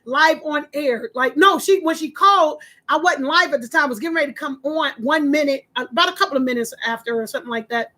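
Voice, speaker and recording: A woman's voice: quick pace, hardly any pauses. A woman who once hosted a radio show, casually telling a story to her viewers and acting out the voices she quotes. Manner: animated, acts out quoted voices with big pitch jumps. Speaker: former radio host.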